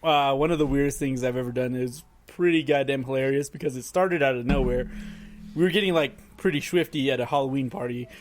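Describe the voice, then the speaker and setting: A man's voice: medium pitch, fast, a little hiss or hum. A man hosting a casual podcast, telling a rambling party story and laughing through it. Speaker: podcast host.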